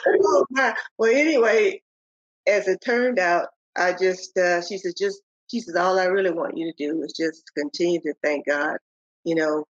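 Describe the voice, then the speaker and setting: An older woman, a podcast guest, telling the story of her faith in a halting way, with many pauses and restarts. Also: on the low side, slightly rough, no echo. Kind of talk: telling a personal faith testimony. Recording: dull, lo-fi audio.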